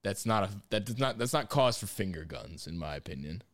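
A man co-hosting a casual sports podcast, excitable and swearing freely as he rambles. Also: lowish voice, a little fast, no room sound, clean studio sound. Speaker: podcast co-host.

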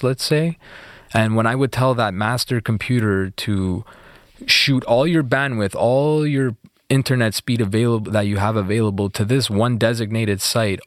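A man being interviewed, retelling events in a fast, animated way with many fillers. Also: on the low side, dry recording, studio quality. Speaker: interview guest. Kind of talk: casual storytelling interview.

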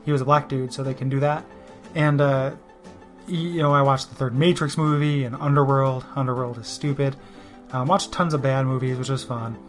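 A man's voice: mid-range voice, steady tone, moderate pace, faint music behind. A man telling a personal story in a rambling, self-deprecating way, full of "you know" and restarts. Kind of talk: casual spoken monologue.

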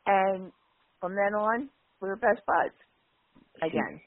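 A woman's voice: medium pitch, expressive, slow pace. A woman casually telling anecdotes and acting out quoted voices. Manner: chatty, acts out quotes with voices. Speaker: guest storyteller. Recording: dry, phone-like line.

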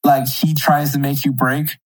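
A podcast co-host in easygoing conversation. The voice stays flat with little pitch movement, in a middling register. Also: unhurried, low-quality recording. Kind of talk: casual chat.

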